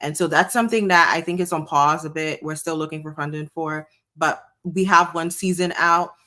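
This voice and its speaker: A woman from Ghana, an engineer and podcast guest, explaining things in a measured way with frequent ums. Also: low-pitched, pushed and bright. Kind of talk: casual interview chat.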